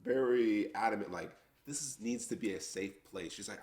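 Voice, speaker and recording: A man's voice: on the low side, normal speed. A middle-aged man co-hosting a podcast, telling stories with laughs and acting out what people said. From United States. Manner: animated storytelling, acting out quotes with laughs. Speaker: podcast co-host. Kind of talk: casual chat.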